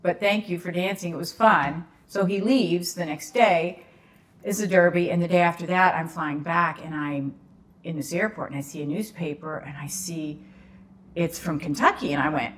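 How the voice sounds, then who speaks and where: A woman's voice: lowish voice, normal speed. A woman, a podcast guest telling a story in casual conversation, acting out the voices in the dialogue.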